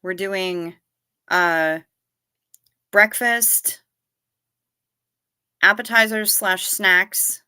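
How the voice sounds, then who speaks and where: With a medium-pitched, bright, forceful, and smooth voice, an American livestream host reads viewer comments aloud and answers in a blunt, salty, teasing manner. The stream is casual, and the sound is clean studio audio with no echo.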